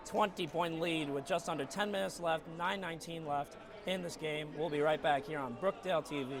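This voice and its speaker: A man with a raspy voice calling a live college basketball game from an arena skybox, getting excited and shouting on big plays. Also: on the high side, brisk. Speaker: play-by-play commentator. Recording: noisy arena broadcast feed. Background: arena ambience, ball bouncing.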